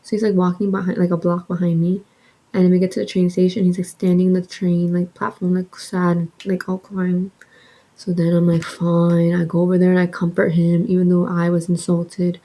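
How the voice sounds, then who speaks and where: A young woman vlogger telling a casual story with animated, swearing delivery, sometimes slipping into a soft breath. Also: fairly low pitch, moderate pace, poor audio. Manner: animated, swears freely, acts out quotes.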